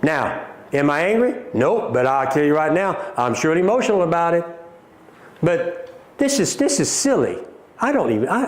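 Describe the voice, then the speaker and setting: A middle-aged company CEO with a Southern American drawl runs a livestream, answering viewer comments with forceful, repeated points and addressing everyone as folks. His voice is slightly high for a man, and the room echoes around him.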